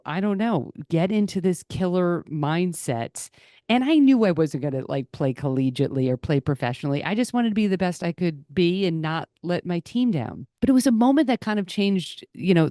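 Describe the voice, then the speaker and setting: A woman's voice: fairly low pitch, dry recording, studio quality. A woman podcast host telling a chatty, self-deprecating story in a casual monologue, acting out the people she quotes. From Rhode Island, USA. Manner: chatty, self-deprecating, animated when quoting others.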